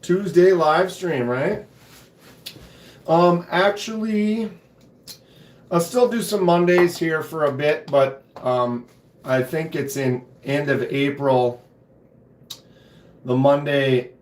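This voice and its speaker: A man with a hoarse voice hosting a casual live stream from his home knife room, laid-back and chatty, often clearing his throat. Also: medium pitch, echoey room. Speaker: knife channel host.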